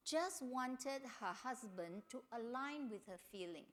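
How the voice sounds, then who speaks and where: A middle-aged woman giving a family seminar talk, telling stories and acting out quotes in a higher voice. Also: normal speed, few pauses. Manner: animated storytelling, acts out quotes in a higher voice. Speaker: seminar speaker.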